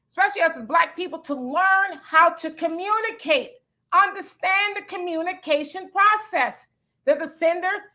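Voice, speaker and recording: A woman's voice: very high voice, bright, forceful tone. A woman hosting a talk show, explaining her views in an emphatic, lecturing way and breaking her points down step by step. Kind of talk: opinion talk show commentary.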